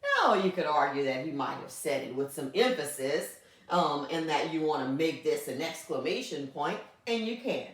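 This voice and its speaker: A woman teaching a grammar lesson. She is patient, checks in often with a quick question, and spells things out slowly one word at a time. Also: low-pitched, very animated, far from the mic. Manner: patient, checks in with frequent "okay?". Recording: echoey room, voice from off mic.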